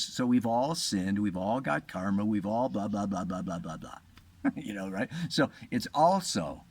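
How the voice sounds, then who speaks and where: A man, an astrologer, giving a relaxed and rambling spiritual talk, chuckling often as he goes. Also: mid-range voice.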